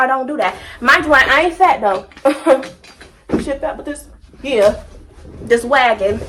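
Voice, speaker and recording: A young woman telling a casual storytime, animated and slangy, repeating phrases for comic effect. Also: high voice.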